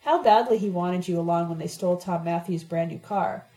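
A woman's voice: on the low side, brisk, warm tone, close to an everyday voice, poor audio. Woman reading as mocking, cryptic Sabina. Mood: lecturing. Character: sharp-tongued mocking young woman, cryptic. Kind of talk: audiobook character voice.

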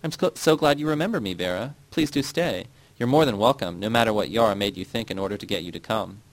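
A man reading the lines of an excitable woman hostess who exclaims often, in an audiobook. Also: medium pitch, fast talker, creaky, no echo. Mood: exclaiming.

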